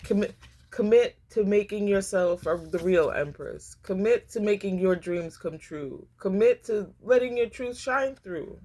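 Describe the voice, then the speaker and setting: A woman with a warm, mid-range voice gives a casual tarot reading at a measured pace. She speaks emphatically to her viewers, calling them y'all and often repeating herself for effect.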